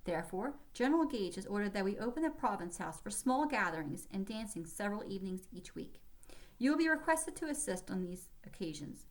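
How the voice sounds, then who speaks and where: A woman's voice: mid-range voice, very animated, brisk, natural voice. A woman reading aloud, voicing the formal mistress of a general's house giving orders to servants.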